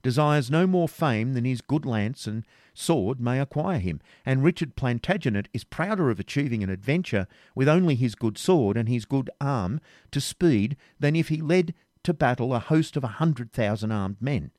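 A man's voice: mid-range voice, expressive, normal speed, darkish tone, no room sound, clean studio sound, pitched above the performer's own voice, close to an everyday voice. A man reading aloud, voicing a bold, jesting medieval king with a hearty, commanding manner. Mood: teasing. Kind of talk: audiobook reading.

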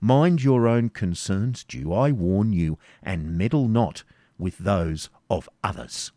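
A man's voice: on the low side, lively intonation, slow, warm tone, no echo, clean studio sound. A man voicing a cruel, sarcastic medieval baron who speaks sternly and with contempt, read as a storybook figure. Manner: stern, mocking, commanding.

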